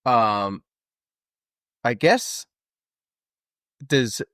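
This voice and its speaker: A young man co-hosting a podcast, chatting casually about a movie in a relaxed way, thinking aloud with "uh" and "dude.". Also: medium pitch, extremely slow, no room sound, clean studio sound. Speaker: podcast co-host.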